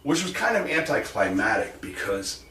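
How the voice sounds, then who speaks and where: A man in his forties or older tells stories with a lively, swooping pitch, throwing himself into other people's voices and cursing as he goes. He is picked up from a distance in an echoey room with faint background noise. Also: normal speed. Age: 40s or older. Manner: animated storyteller who acts out quotes, swears and laughs often. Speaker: guest, wrestling manager and comic hypnotist. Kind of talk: casual storytelling interview. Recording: roomy echo from a distant mic with faint noise.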